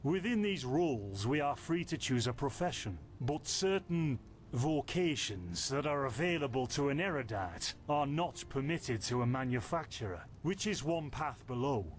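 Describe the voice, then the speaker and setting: A man's voice: medium pitch, expressive, normal speed, a little hiss or hum, natural voice. An actor with a Yorkshire accent voicing a friendly, chatty scholarly male villager in a video game, explaining things patiently. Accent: Northern English, Yorkshire. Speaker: game character. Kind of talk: voiced video game dialogue.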